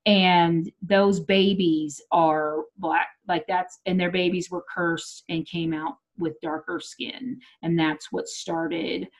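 A woman's voice: fairly low pitch, little pitch movement, takes it slowly, few pauses. A woman retelling a story loosely in a casual chat, with some swearing.

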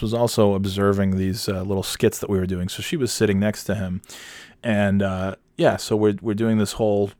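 A man with a low voice tells a casual, rambling story, swearing freely and stumbling through restarts. His voice is recorded dry and close, with no room sound. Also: a little mellow, no echo. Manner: rambling, profane, with many restarts. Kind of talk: casual anecdote.

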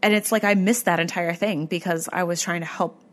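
A woman's voice: fairly low pitch, fairly even intonation, a little fast. Chatty woman podcast host telling stories. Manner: chatty, many fillers like "like" and "um". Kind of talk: casual storytelling chat.

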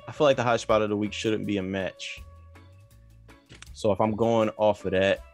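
A man's voice: lowish voice, fairly even intonation, normal speed, soft background music. A man co-hosting a podcast in laid-back, slangy, rambling casual chat. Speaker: podcast co-host.

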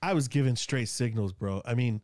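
A man's voice: medium pitch, a little fast, darkish tone, no echo, studio quality. A man from Sacramento with a Northern Californian accent, chatting casually and rambling with lots of fillers and slang. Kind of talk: casual chat.

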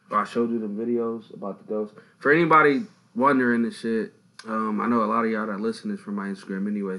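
A young man hosting a casual podcast, telling stories in an animated, slangy way. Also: on the low side, poor audio. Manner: animated, slangy storytelling with loud laughing outbursts. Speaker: podcast host.

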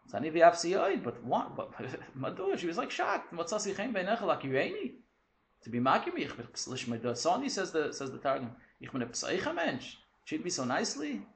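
A man teaching a lively text study class, quick and animated, mixing in Hebrew and Yiddish terms. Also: fairly high pitch, gravelly, reverberant, slight background noise.

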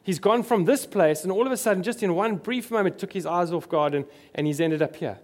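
A man's voice: high-pitched, expressive, brisk. A man preaching a sermon, earnest and emphatic, repeating his key phrases.

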